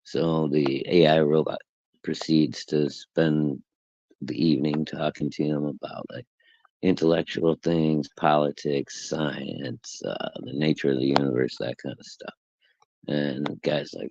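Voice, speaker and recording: Deep dark-voiced guy joking around on a stream, dry lo-fi sound. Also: measured pace. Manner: joking, teasing. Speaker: co-host. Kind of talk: casual livestream chat.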